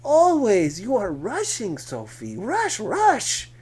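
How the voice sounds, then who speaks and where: A man's voice: huge pitch swings, slow pace, husky, full character voice. A man putting on a theatrical broken-English woman. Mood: scolding. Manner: high, loud, whining, broken English.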